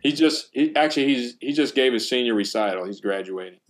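Man, percussion teacher, casual animated storyteller on a podcast. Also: mid-range voice, brisk.

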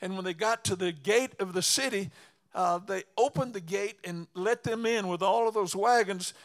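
A man preaching a storytelling sermon, halting and repeating words, breaking into fervent exclamations. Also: high-pitched.

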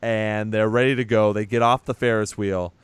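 A man's voice: fairly low pitch, steady tone, moderate pace, clear, resonant tone, dry recording. A man recapping a film in loose casual chat, swearing freely and laughing as he retells the scenes. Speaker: podcast co-host recapping a film.

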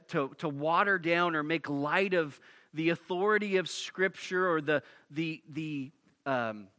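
A man's voice: high-pitched, sharp tone. A male pastor preaching a sermon emphatically, often restarting and repeating words as he pushes through a point.

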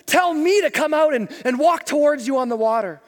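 A man's voice: very high voice, expressive, brisk, in a large hall, pitched above the performer's own voice. A man voicing an impulsive, bold young male disciple who blurts out his words. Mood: eager. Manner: blurting, eager.

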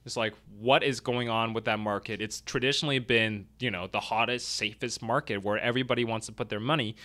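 A man hosting a news stream over a computer mic, his tone bright and forward. He chats loosely through the articles, stumbling and restarting with plenty of fillers. His pitch sits in an ordinary middle range. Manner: chatty and self-deprecating, with many fillers and restarts. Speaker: host of a weekly real estate news show. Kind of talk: casual live-stream commentary reading news articles.

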